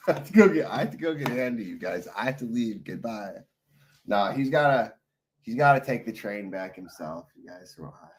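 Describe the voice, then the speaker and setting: A tired man talks to his livestream chat in a loose, rambling way, full of swearing and side stories. His voice sits a little low, and his stories run on and on. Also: animated, normal speed, a little hiss or hum. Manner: profane, loose, rambling storytelling.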